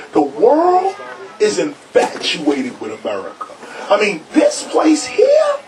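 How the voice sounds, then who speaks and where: A man, a rapper speaking to a live crowd in a record store, emphatic and preachy, raising his voice to hammer points home. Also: high voice. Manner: preachy, emphatic, shouting for stress. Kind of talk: animated public talk to a crowd. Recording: noisy, distant crowd recording.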